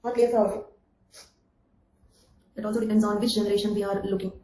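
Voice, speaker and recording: Speaking fast in a medium-pitched, level, mellow voice, this woman coaches students for an exam in an online anthropology lecture. She repeats key phrases, asks "okay?" to check understanding and calls on students by name, on a reverberant, low-quality recording.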